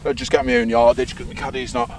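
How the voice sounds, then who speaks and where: A man hosting a golf vlog, chatting and telling stories excitably while playing a round outdoors. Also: mid-range voice, fast, creaky. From England. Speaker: vlog host, golfer. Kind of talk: casual chat on the course. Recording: faint outdoor noise.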